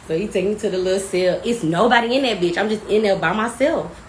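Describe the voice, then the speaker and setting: A young woman from telling a wild storytime vlog, loud and animated, laughing, with casual slang and plenty of swearing. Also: medium pitch, quick pace, few pauses, a little hiss or hum. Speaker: vlogger. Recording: echoey room with faint ambience.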